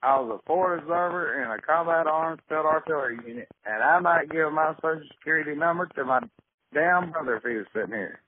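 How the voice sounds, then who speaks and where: A man's voice: a little high, fast, slight background noise, natural voice. A man playing a blustering Southern welder in his thirties over a prank phone call, with a cursing, indignant drawl. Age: 30s. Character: blustering 37-year-old male Mississippi welder. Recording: tinny phone line.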